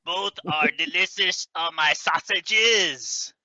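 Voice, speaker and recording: A man's voice: on the high side, slow pace, bright, forceful tone, dry recording, dull audio. A man cracking campy joking asides on a comedy podcast.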